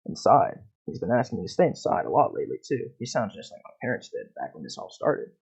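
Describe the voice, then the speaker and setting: A man reading a story game aloud with expressive, swearing asides, over a dull lo-fi recording with faint game music. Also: fairly low pitch, quick pace, vocal fry, breathy edge.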